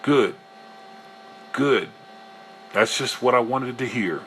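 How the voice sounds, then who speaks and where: A man voicing a pushy middle-aged male client who talks briskly and eagerly on the phone, in a storybook reading. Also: mid-range voice, fairly bright tone, slight background noise.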